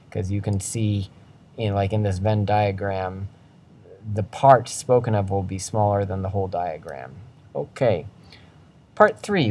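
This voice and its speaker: A man's voice: darkish tone, poor audio. Man teaching a lesson with demonstrated examples. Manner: explains patiently, demonstrates pitch by voicing example phrases. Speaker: language teacher. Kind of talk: recorded lecture over slides.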